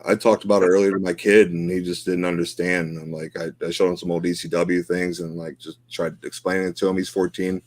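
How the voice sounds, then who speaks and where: Middle-aged guy on a podcast, low dry voice, gets choked up and rambles, lots of "you know what i'm saying". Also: level tone, fairly quick, few pauses, darkish tone, no room sound. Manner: emotional, heartfelt, rambling with many fillers. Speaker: podcast co-host. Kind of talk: casual chat.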